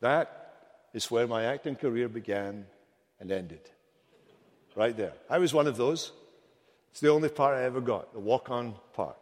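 A middle-aged pastor delivers a dramatic sermon in a church sanctuary, building up to impassioned rhetorical questions. His mid-range voice moves a little slowly, with frequent pauses. A long church reverb hangs over the recording.

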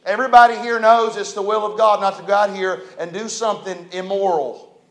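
High-voiced preacher in an echoey church. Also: male voice, steady tone, fast. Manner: preaching with swings from quiet storytelling to loud emphatic rises. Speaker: pastor. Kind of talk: sermon. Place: church hall.

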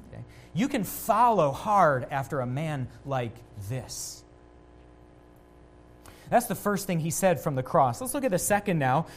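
An earnest pastor preaches a sermon, his voice rising louder when he quotes and falling low and quiet at key points.

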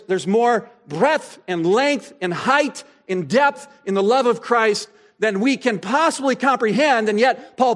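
A male pastor preaching a sermon, asking rhetorical questions and pausing for effect, slowing down to stress key phrases. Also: high-pitched. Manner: expository preaching, rhetorical questions, dramatic pauses.

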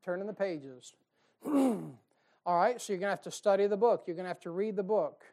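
A male pastor preaches in a church. His delivery is folksy and emphatic. It swings from quiet, confiding asides to loud, heated bursts. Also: high voice, animated, normal speed. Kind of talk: fiery sermon. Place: church sanctuary.

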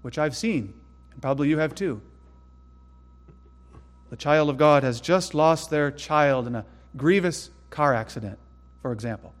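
A man preaching a sermon in an earnest way, dropping to hushed tones and rising to sudden loud emphasis. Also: on the high side, measured pace, long reverb tail. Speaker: pastor.

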